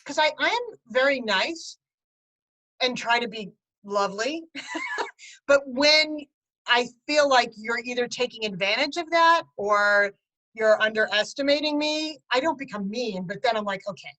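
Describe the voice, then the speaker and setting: A middle-aged woman tells her story with animated, chatty energy. Her voice sits fairly high, and she breaks into laughter at times as she talks with an interviewer. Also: normal speed, low-quality recording. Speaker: guest, parent and writer. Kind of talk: conversational interview.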